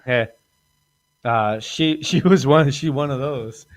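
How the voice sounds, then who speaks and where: A man's voice: mid-range voice, takes it slowly. A man hosting a podcast, telling crude stories in a rambling way, laughing often and acting out what people said. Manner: rambling, laughs often, acts out quoted lines. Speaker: podcast host. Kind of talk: crude casual storytelling.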